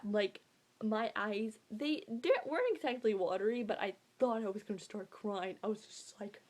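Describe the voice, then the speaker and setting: A young woman vlogging about a novel she loved, in a gushing, breathless way that swings from hushed whispers to high squeals. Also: moderate pace. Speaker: book vlogger. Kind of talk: excited casual book talk.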